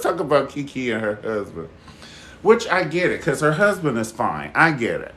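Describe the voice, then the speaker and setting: A man hosting a casual live chat stream with viewers. He talks in a sassy, expressive way, calls people honey and baby, swears freely and laughs loudly. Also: mid-range voice, moderate pace.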